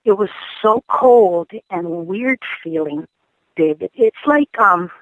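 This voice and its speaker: A woman caller telling a ghost story on a radio call-in show, lively and full of ums and restarts. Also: lowish voice, takes it slowly, dry recording, phone-quality sound. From Hawaii. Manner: animated storytelling, acting out her own quoted lines; hesitant, frequent ums and restarts.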